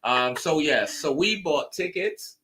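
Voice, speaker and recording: Joking rambling guy co-hosting, bright voice that jumps all over, lotta ums. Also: on the high side, slow. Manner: joking, rambling, animated with many fillers. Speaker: co-host. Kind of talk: casual chat.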